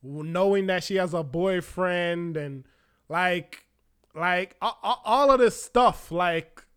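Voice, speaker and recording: High, bright-voiced man telling a wild story. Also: slow, clean tone. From Florida. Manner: animated, profane, acts out quoted voices. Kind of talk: casual personal storytelling.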